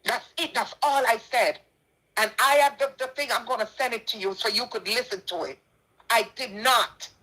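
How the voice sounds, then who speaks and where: A woman's voice: a little high, moderate pace, bright, forceful tone, rough recording. A middle-aged Jamaican woman making an impassioned personal statement, indignant and emphatic, repeating her points. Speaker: charity donor responding to a dispute.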